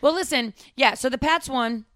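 A woman's voice: sits high, normal speed, fairly bright tone, no echo, studio quality. A woman in her thirties from Massachusetts, co-hosting a casual podcast chat and joking around on the fly. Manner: giggly, jokey, riffs on the fly. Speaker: podcast co-host.

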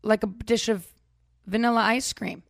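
A woman's voice: a little high, steady tone, normal speed, vocal fry, no echo, clean studio sound. A woman co-hosting a podcast, teasing and giggling through casual chat. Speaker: podcast co-host.

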